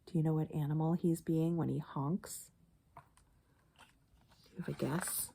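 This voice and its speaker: A woman reading a picture book aloud for children, pausing to comment on the pictures and ask the listener questions. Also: low voice, vocal fry, breathy edge. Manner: animated, expressive reading.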